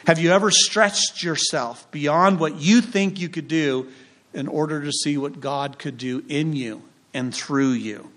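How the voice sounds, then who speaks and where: A male pastor preaching a sermon with an emphatic, rising and falling cadence and dramatic pauses. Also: on the high side, fairly bright tone.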